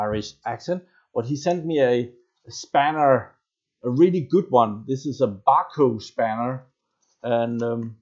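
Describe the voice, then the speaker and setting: Speaking from home close to his basement workshop, this Danish live streamer keeps up a rambling, chatty flow, greeting viewers and reading their comments aloud. His voice sits at medium pitch with a darkish tone, captured in lo-fi sound.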